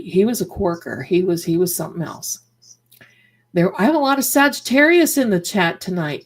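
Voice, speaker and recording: Chatty, rambling woman streamer, lowish voice. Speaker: psychic live streamer. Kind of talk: casual live-stream chat, reading comments aloud.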